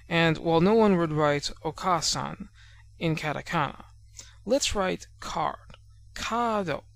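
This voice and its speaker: A man narrating a beginner language lesson over slides, explaining patiently and slowing down to sound out example words. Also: fairly high pitch, gravelly, a bit bright. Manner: measured and explanatory, spells out sounds slowly.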